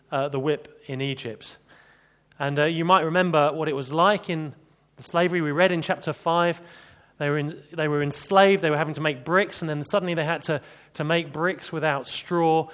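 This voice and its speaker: A man's voice: a little high, fairly bright tone. A man preaching an expository sermon, chatty, with rhetorical questions and dry humor.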